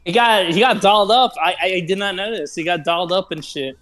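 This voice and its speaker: A man with a voice sitting a little above the usual male pitch, chatting on a live stream. He rambles through his story with constant fillers and swearing, restarting his sentences as he goes. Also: quick pace, fairly bright tone. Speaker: stream co-host. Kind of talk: casual live-stream chat.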